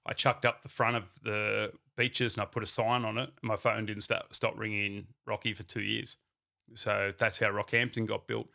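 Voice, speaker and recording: This is a man with a fairly low, gravelly voice. His tone is bright and forceful, and he tells his story as a company founder in a relaxed, chatty way. He brings his anecdotes to life by acting out what people said to him. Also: normal speed. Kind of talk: casual storytelling.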